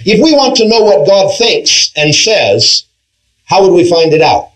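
A man leads a Bible study class in a fairly high voice that rises and falls with lively movement. He keeps putting questions to his listeners and leans hard on key words, often restarting a phrase and checking in with "all right". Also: measured pace, rough recording. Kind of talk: interactive Bible class teaching.

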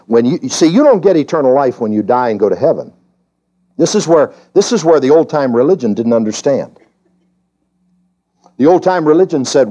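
A man preaching an evening sermon in church, emphatic and questioning the congregation, often climbing high in pitch to stress a point. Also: sing-song, normal speed, long pauses, warm tone, lo-fi sound. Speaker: pastor. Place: church during a service.

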